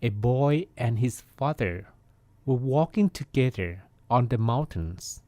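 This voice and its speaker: Slow, calm monk teaching. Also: male voice, medium pitch, no echo. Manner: calm, measured, reflective. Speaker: Buddhist monk, podcast host. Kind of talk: meditation teaching talk.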